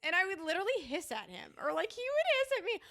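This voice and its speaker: A woman's voice: very high-pitched, fast. A woman in her twenties co-hosting a podcast, chatting expressively and laughing at herself. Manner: expressive, self-deprecating, prone to laughing. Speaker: podcast co-host. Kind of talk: casual chat.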